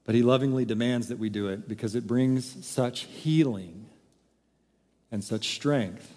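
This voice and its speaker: A man's voice: mid-range voice, unhurried, warm tone, long reverb tail. A man preaching a sermon, emphatic and full of rhetorical questions. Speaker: pastor.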